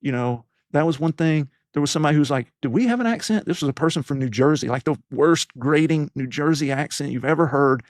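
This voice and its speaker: A man's voice: a little high, steady tone, quick pace, few pauses, no room sound, clean studio sound. A man in his fifties from East Tennessee, telling his own life story in an interview, reflective and rambling with many fillers and restarts. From East Tennessee, USA. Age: 50s. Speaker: leadership podcast host as guest.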